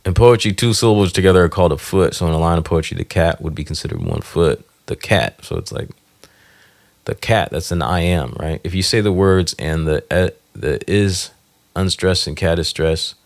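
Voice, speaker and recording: A music producer talks casually to himself while writing a song, thinking aloud and singing trial lines over a beat. His voice sits low with lively intonation and some vocal fry, at a normal speed.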